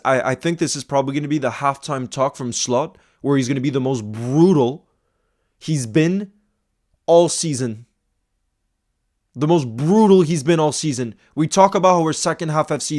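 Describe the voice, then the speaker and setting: A man reacting live to a football match as a fan-channel host, exasperated and ranting, repeating himself, and swinging from loud outbursts to low muttering. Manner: repeats himself, stammering restarts.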